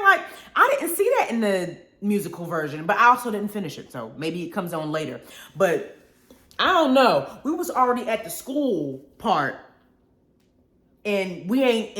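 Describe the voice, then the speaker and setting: A young woman hosts a casual live show, her voice swinging up and down with lively expression and quick laughs. She drawls friendly asides like honey and y'all to her viewers. The room around her rings with a noticeable echo. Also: on the high side. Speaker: radio show host. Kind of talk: casual live-stream chat reading viewer comments. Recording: roomy echo.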